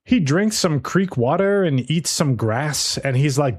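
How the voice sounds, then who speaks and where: Male podcast co-host, lively swooping delivery, casual profane recap. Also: on the high side, measured pace, husky. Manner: animated, profane storyteller, playfully mimics characters.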